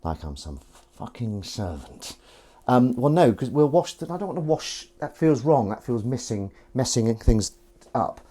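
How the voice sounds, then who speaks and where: A man's voice: very animated, unhurried, dark tone, slightly rough. A man hosting a casual live stream, rambling and self-mocking, chatting as he goes. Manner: rambling, self-mocking and chatty, slipping into a high sing-song voice to coax his cat. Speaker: host. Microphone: fixed streaming mic.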